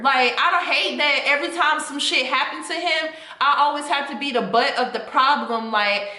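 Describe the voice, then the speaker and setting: Heated, profane young woman, bright voice. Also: high voice, normal speed, few pauses. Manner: heated, profane, venting to viewers. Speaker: vlogger. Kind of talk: casual storytime rant. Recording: echoey room.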